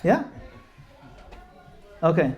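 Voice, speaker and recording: A middle-aged man from Gujarat, India, speaks at a devotional home program, giving an informal talk full of stories and laughing at himself. His voice is a little high and darkish in tone, very animated yet extremely slow. He mixes in Hindi and Sanskrit verses.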